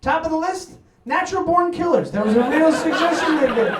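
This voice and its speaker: A man from New York doing a stand-up comedy set in an apartment, talking in a profane, animated way and acting out his family's voices. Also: very high-pitched, a little fast, a crowd in the background, background noise. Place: apartment living room. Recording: roomy sound from a distant mic.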